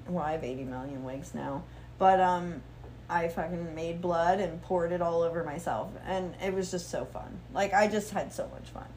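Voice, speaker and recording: A woman in her thirties, a guest model chatting casually, telling lively stories with swearing and acted-out quotes. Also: fairly low pitch, slight background noise. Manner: animated storyteller, swearing, acting out quotes. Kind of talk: casual chat.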